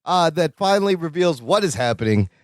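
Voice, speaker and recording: Brief: man co-host, high voice with a wide range, dry sound, easily amused. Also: big pitch swings, dry recording. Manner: amused, quick to laugh. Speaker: podcast co-host. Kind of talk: casual chat.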